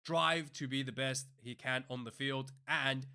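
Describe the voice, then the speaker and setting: A man's voice: medium pitch, fairly even intonation, measured pace, sharp tone, clean tone. A man hosting a casual news commentary show, talking in a rambling way full of fillers and restarts and working up into heated rants. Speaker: rugby news show host.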